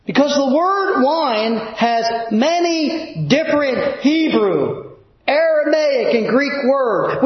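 A man preaching a sermon to his congregation from the pulpit, asking the room rhetorical questions. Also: extremely high pitch. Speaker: pastor. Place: church sanctuary. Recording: echoey, dull church recording.

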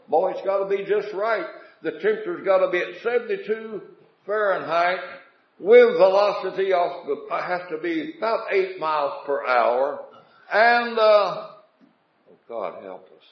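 A man's voice: high-pitched, lively intonation, measured pace, echoey room, highs cut off. A man preaching a revival sermon in a folksy way, asking the congregation questions and telling homespun jokes.

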